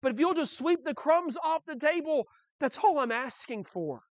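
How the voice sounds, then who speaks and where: A man's voice: very high-pitched, animated, moderate pace, dry recording, pitched above the performer's own voice. A male preacher voicing a humble foreign woman who earnestly pleads for mercy. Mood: pleading. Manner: earnest, imploring.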